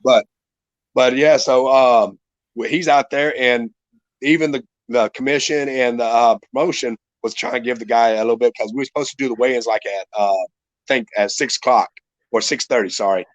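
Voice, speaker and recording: A man's voice: medium pitch, fairly even intonation, normal speed, no room sound, muffled recording. A middle-aged man telling a rambling, profane fight story in casual podcast talk. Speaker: retired MMA fighter guest.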